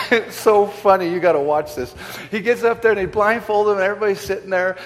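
Animated male preacher in a reverberant hall. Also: high voice, brisk. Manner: animated storytelling, emphatic repetition. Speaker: pastor. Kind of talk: sermon.

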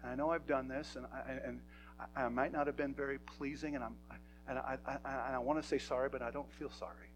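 A man's voice: mid-range voice, fairly even intonation, fairly quick, faint music behind, low-quality recording. A man preaching a sermon in a church, talking to his congregation in an emphatic, conversational way. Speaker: pastor.

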